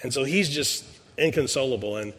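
A man's voice: medium pitch, a little fast, fairly bright tone, husky. Man in his sixties preaching in a hall. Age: 60s. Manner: conversational storytelling with frequent restarts. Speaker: pastor. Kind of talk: sermon. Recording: long reverb in a large hall.

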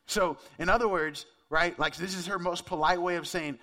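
A man's voice: sits high, steady tone, moderate pace, sharp tone. A man preaching a sermon in a casual, conversational way, often asking his listeners questions. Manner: conversational, asks the audience questions. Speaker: pastor.

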